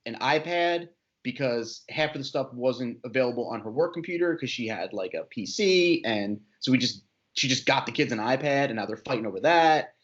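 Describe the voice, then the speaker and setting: A man's voice: medium pitch, lively intonation, moderate pace, a bit bright, muffled recording. Easygoing man chatting as podcast guest. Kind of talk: casual podcast chat.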